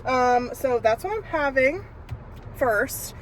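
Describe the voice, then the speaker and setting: A woman's voice: sits high, lively intonation, takes it slowly, slight background noise. A young woman vlogging casually from her car and errands, talking candidly with lots of fillers into a handheld phone camera. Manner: chatty, candid, with frequent fillers and laughs. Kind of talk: casual vlog chat. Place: car and errands on a lunch break.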